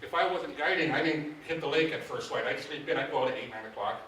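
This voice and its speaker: A middle-aged man, a fishing guide, telling stories to a club meeting in a folksy, animated way, acting out what people said. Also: medium pitch, fast talker, a little hiss or hum. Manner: folksy, animated, acts out quoted dialogue. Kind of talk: casual storytelling to a club audience. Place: meeting hall. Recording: echoey room, distant mic.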